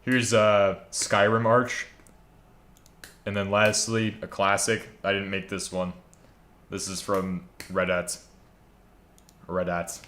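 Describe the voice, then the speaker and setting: A man's voice: fairly low pitch, flat delivery, slow pace, pauses often, fairly bright tone. A man casually chatting on a live stream, joking around and reading viewer comments aloud while he builds a server. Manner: joking, rambling, reads chat aloud.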